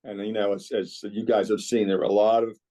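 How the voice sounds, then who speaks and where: A man's voice: lowish voice, level tone, fairly quick, mellow. A man, a former club basketball coach, telling rambling stories in a casual podcast conversation. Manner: rambling, reminiscing storyteller.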